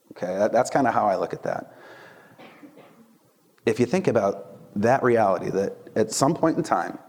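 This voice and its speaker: A man preaching a casual sermon, conversational and animated, often checking in with the listeners with "right?" and "okay?". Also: lowish voice. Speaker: preacher and Bible teacher.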